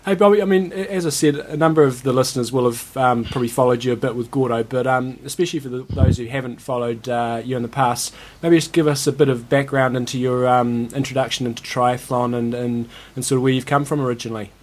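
Halting male podcast host. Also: mid-range voice, fairly even intonation. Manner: halting, many fillers and restarts. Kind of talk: casual chat and interview.

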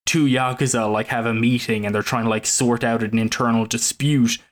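A man's voice: medium pitch, steady tone, brisk. A man co-hosting a casual film podcast, rambling with lots of fillers and restarts. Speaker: podcast co-host.

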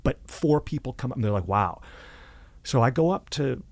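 A man, an actor, telling stories from his career in a casual interview, animated and laughing at himself. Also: mid-range voice, moderate pace, creaky, no room sound. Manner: animated anecdotes with self-deprecating laughs. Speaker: actor and podcast guest.

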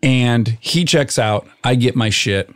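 Brief: middle-aged guy, casual storyteller, lively, mid-pitched, acts out quotes. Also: takes it slowly.

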